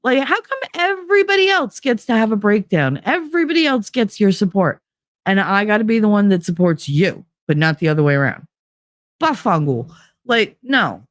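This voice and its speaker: A woman's voice: medium pitch, big pitch swings, moderate pace, no room sound, studio quality. Blunt, emotional woman livestreamer. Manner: blunt, profane and emotionally open. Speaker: livestream host. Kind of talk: casual livestream chat.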